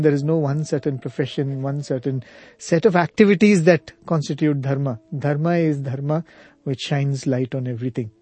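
A man retelling a spiritual story in casual conversation, hesitant with many fillers and soft chuckles. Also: a little high, no echo.

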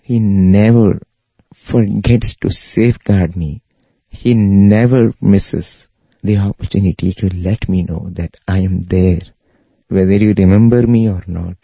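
A man giving a spiritual talk, telling a story in an unhurried way with fillers and repeats. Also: low voice, steady tone, dark tone, husky, no room sound. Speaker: spiritual speaker. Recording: dull lo-fi dry audio.

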